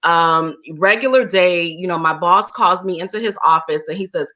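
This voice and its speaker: A woman with a bright, forceful voice tells her story with real animation and expression, as an interview guest. The recording has a slightly dull, lo-fi quality. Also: fairly low pitch, normal speed.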